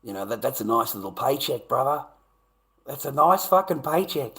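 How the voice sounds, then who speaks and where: An Australian man with a sing-song voice at normal speed talks straight to his viewers in a rambling, profane monologue. He repeats himself and swings between loud rants and low mutters.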